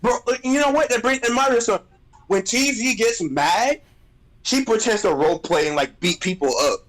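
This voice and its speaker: A man streaming, ranting in casual chat, animated and exasperated, roasting people with repeated phrases. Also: high-pitched, moderate pace, poor audio.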